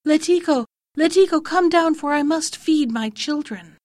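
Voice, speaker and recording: A hungry lamia coaxes a girl down from a tree, her voice high and sugary, performed by a woman storyteller. The sound is close and dry, and the coaxing tips into menace. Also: animated, unhurried, dry recording. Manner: coaxing, then threatening. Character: wheedling female lamia, hungry monster.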